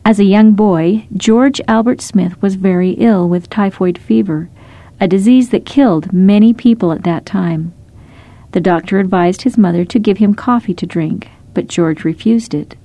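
A woman narrating short scripted stories in a gentle, measured storytelling manner. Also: medium pitch, dry recording.

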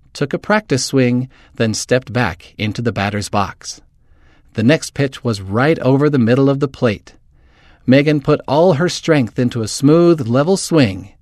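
Guy reading a story aloud, steady, mid pitch, dry close sound. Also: no echo. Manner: steady storytelling, lifts pitch for quoted voices. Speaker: reader.

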